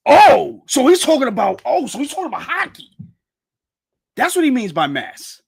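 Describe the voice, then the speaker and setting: A man reacting live to a manga chapter, reading it aloud and breaking into loud, slangy, repetitive outbursts. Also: very high voice, moderate pace, vocal fry, husky. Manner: excitable, loud outbursts, slangy, repeats himself. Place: home streaming setup with green screen.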